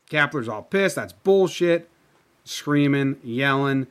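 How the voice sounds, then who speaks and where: A man's voice: a little high, slow, pauses often, fairly bright tone. A man giving a profane, sarcastic breakdown of a video clip, acting out the people he quotes.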